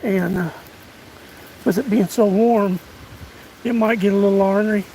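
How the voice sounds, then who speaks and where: An older man in his late sixties speaks with a drawl, his voice high and gravelly. He rambles in a folksy, self-deprecating way while catching his breath outdoors. Faint sounds from the woods play behind him. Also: steady tone, moderate pace, warm tone, a little hiss or hum, poor audio. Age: 60s. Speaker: vlogger. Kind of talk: casual outdoor livestream chat. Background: outdoor ambience and a passing train.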